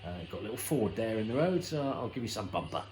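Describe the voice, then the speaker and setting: A man's voice: on the low side, very animated, quick pace, a little mellow, roomy sound, faint music behind. A man voicing a chirpy male film cameraman with a Cockney accent, talking in a breezy, matey way.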